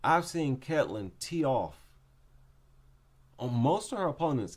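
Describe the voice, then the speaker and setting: A man casually breaking down fights in an unhurried, drawn-out delivery. His pitch swings up and down a lot as he gives his opinions. He repeats his main points to drive them home. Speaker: MMA commentator.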